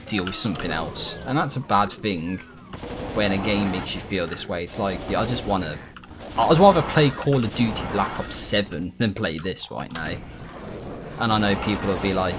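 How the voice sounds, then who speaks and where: A man's voice: low-pitched, animated, normal speed, background noise. A man giving casual, rambling commentary as he plays a video game, correcting himself often and swearing when frustrated. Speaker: gaming YouTuber.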